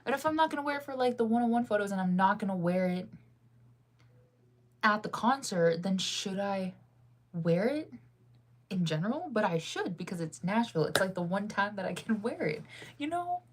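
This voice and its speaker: A woman's voice: medium pitch, animated, normal speed. A young woman chatting casually to her viewers, rambling and indecisive, laughing often as she talks things through. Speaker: vlogger.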